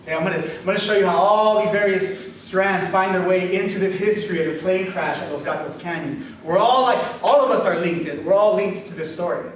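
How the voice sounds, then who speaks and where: Man, animated storyteller, fairly high voice, booming hall echo, distant mic. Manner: animated, chatty, leads the crowd in call-and-response. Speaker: author giving a reading. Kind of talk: lively storytelling to a live audience. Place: event hall with an audience. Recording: very echoey hall, far from mic, faint hiss.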